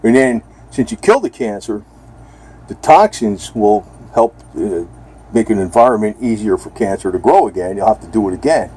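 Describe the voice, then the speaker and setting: A man's voice: on the low side, very animated, moderate pace, dark tone, husky. A man talking casually and bluntly in a rambling home video, now and then speaking to his cat. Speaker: vlogger.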